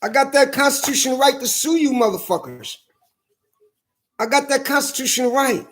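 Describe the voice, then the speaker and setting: Man, very high voice, angry, profane, repetitive, hammering emphasis. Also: a bit bright. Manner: slow hammering emphasis on key words. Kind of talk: heated monologue to camera.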